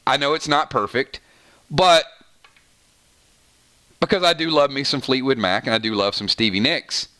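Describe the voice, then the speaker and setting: A man hosting a gaming channel livestream, chatting casually and reading out viewer comments with quick asides. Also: medium pitch. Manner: chatty and animated, quick asides, frequent "right?".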